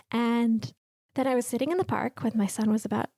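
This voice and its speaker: A woman's voice: on the high side, fairly quick, vocal fry, a little mellow, dry recording. A woman in her thirties hosting a podcast, sharing a personal reflection in a candid, heartfelt way. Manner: emotional, tearful at times, candid. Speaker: podcast host.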